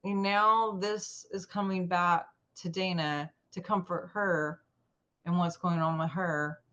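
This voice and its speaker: A woman guest in an interview telling a personal story in an animated way, acting out the lines of the people in it. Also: on the low side, slow, lo-fi sound. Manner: animated, acts out quoted dialogue.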